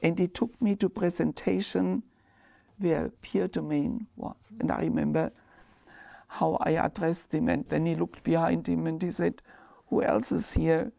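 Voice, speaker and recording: A woman with a German accent reflecting earnestly in an interview. Her voice sits low, with a gravelly edge and a warm, dark timbre. She picks her words with care. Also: steady tone, measured pace. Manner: earnest, reflective, careful phrasing. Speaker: former school principal.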